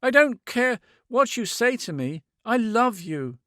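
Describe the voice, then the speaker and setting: A man's voice: very high-pitched, big pitch swings, slow pace, dry recording, pitched above the performer's own voice, heavily acted. Audiobook figure: narrator putting on a tearful young woman begging, raised voice, dry and close. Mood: pleading. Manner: pleading, tearful. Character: desperate lovesick young woman, sobbing.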